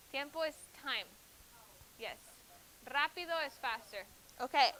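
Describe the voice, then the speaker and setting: Young teacher lady running spanish drills, high bright voice, quick asides to the kids. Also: low-quality recording. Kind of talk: classroom teaching. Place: classroom.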